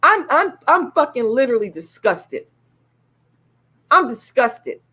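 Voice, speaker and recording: A woman talks on her livestream in a heated, indignant way, swearing freely and circling back to the same points. Her voice sits a little high for a woman. She sounds like she is speaking into a computer mic. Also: sing-song, unhurried, pushed and bright, slightly rough. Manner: heated, indignant, profane, repeats herself. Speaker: YouTube live streamer promoting her own play. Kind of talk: angry livestream rant, then ticket promotion.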